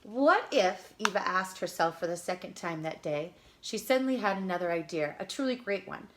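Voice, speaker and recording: A woman reading a children's picture book aloud in an expressive, lively storytelling manner. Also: medium pitch, moderate pace, a little hiss or hum. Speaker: storybook reader.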